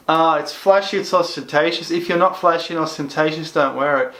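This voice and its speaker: A man's voice: fairly high pitch, fairly quick, hardly any pauses, fairly bright tone. A man hosting a casual watch review vlog, rambling along with many fillers and restarts. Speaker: watch reviewer, channel host.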